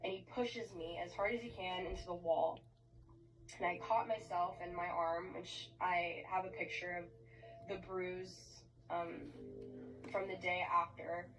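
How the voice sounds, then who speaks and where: A woman giving an emotional personal account, shaken and halting, swearing often. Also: on the low side, steady tone, a bit bright, a little hiss or hum. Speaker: interviewee recounting events. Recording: distant clip with faint music.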